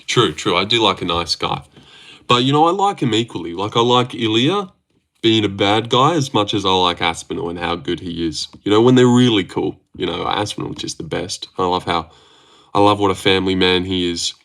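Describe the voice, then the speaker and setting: Sweary man, bright punchy voice. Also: low-pitched, moderate pace, vocal fry. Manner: sweary, joking, laughs often. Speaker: livestream host reading chat. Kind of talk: casual livestream chat.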